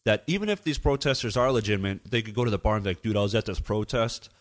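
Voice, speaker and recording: Talking fast in a lowish voice, this middle-aged DJ tells a lengthy tale as a podcast guest. The chat is casual, he swears freely, and he animatedly performs what each person said.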